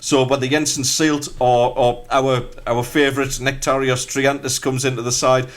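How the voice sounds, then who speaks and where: A man's voice: mid-range voice, level tone, normal speed. North East English male pundit, chatty and rambling, everyday mid voice. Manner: chatty, frequent fillers and restarts. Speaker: football pundit. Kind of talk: casual radio chat.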